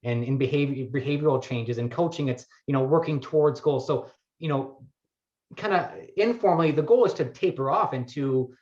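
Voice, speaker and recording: A man's voice: mid-range voice, normal speed, darkish tone. Thoughtful man on a muffled call. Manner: thoughtful, searching for words. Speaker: wellness coach guest. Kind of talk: conversational interview. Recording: muffled lo-fi audio.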